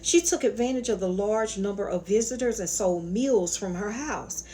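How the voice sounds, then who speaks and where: A sassy woman with a Southern accent tells her story in a casual, colloquial style and speaks straight to her viewers as honey and y'all. Her voice sits at a plain middle pitch. A faint room ambience hums behind her. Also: moderate pace, mellow, a little hiss or hum. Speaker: spiritual channel host.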